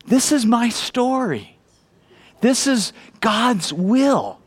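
Animated high-voiced male pastor preaching. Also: drawn-out words, husky. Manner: animated, acts out the people in the story. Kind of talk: sermon.

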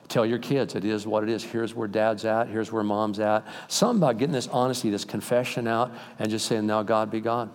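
An older man preaching a sermon as pastor, swinging between loud emphatic peaks and quiet, intimate asides, then leading a prayer in a church sanctuary. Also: lowish voice, fairly even intonation, fairly quick. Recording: long reverb in a large hall.

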